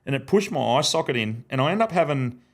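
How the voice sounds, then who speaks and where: A man's voice: a little high, expressive, quick pace. An Australian man, a guest and former ground announcer, telling stories in a casual podcast chat, swearing freely and acting out what other people said. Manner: swears freely and acts out other people's lines in his anecdotes. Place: podcast studio.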